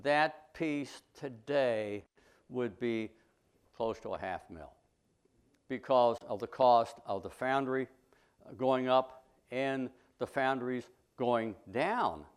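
A man's voice: mid-range voice, takes it slowly, clean tone. A middle-aged man, a sculptor, giving a folksy, plainspoken talk to a history club, full of anecdotes and blunt opinions.

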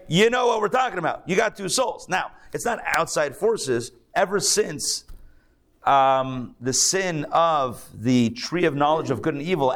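A man's voice: a little high, a bit bright. A man, a rabbi, giving a conversational, joking lecture to a live class, thinking aloud and restarting his sentences. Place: synagogue class.

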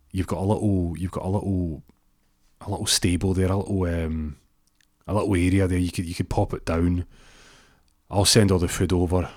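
A man's voice: low-pitched, no room sound, studio quality. A man with a Scottish accent voicing a flustered, wealthy pig owner who pleads and rambles.

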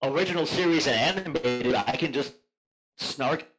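A man's voice: a little high, moderate pace, music in the background, rough recording. A man appearing as a podcast guest in casual chat, speaking hesitantly and thoughtfully.

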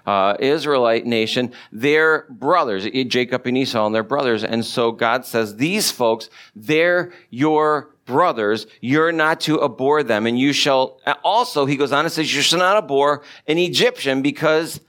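A man preaching a sermon as pastor, talking in a relaxed conversational way and putting questions to his listeners. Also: medium pitch, a little slow, hardly any pauses. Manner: conversational, asks the congregation questions.

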